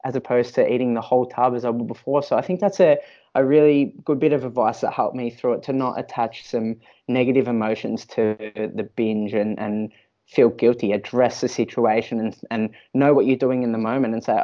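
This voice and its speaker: A man's voice: mid-range voice, steady tone, fairly quick, lo-fi sound. A man, a fitness professional, speaking as a podcast guest and sharing a personal story candidly, often restarting and repeating words.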